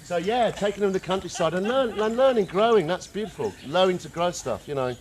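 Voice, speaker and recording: A man giving an informal talk to a group, animated and slangy, often calling people man and dude. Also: high voice, quick pace. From England. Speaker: workshop speaker. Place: outdoor gathering in the countryside.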